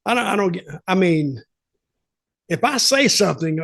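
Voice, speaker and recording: A man's voice: sits high, lively intonation, normal speed, vocal fry, pauses often, a bit bright. An older man hosting a podcast, telling stories in a plainspoken way with wry asides. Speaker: podcast host, former wrestling insider. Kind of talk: casual storytelling interview.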